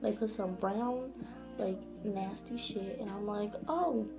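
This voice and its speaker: A woman's voice: mid-range voice, fairly even intonation, unhurried, poor audio. Young woman vlogging a storytime, says like every other word, swears a lot, music playing behind her. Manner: rambling, heavy "like" filler, frequent swearing. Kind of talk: casual storytime. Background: background music.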